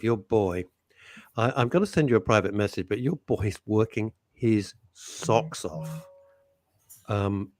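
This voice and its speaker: A man's voice: lowish voice, darkish tone, dry recording, clean studio sound. A man hosting a live radio show, rambling and joking as he greets listeners. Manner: rambling, jokey, reads out listener messages. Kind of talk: chatty live radio banter.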